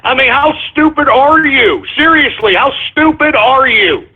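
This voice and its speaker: Exasperated ranting radio host, phone-tinny. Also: male voice, very high voice, a little slow, breathy edge. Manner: exasperated, berating, swears often. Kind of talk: ranting call-in radio monologue. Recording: tinny phone-line sound.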